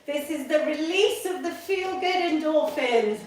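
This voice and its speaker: A woman's voice: high-pitched, expressive, a little slow. A middle-aged woman, leading a live online workout class for seniors as a fitness instructor, upbeat and encouraging as she counts down the reps. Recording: very echoey room, voice from far off.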